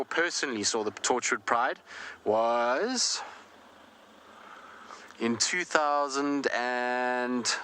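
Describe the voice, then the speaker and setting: A man commenting live as a safari guide, chatty and unhurried, with many fillers and drawn-out words. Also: lowish voice, pushed and bright.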